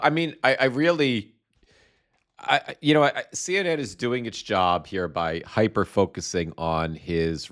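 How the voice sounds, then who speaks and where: A male host talks through political news in a casual, sarcastic way. He stumbles and repeats himself, and his pitch swings widely from high to low. He is a regular commentator running his own show.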